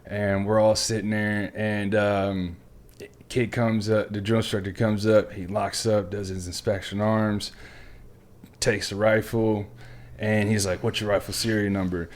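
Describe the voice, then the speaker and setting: A man's voice: on the low side, flat delivery, unhurried. A man hosting a casual podcast chat, a military veteran telling rambling, profane stories full of fillers and restarts. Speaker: podcast host.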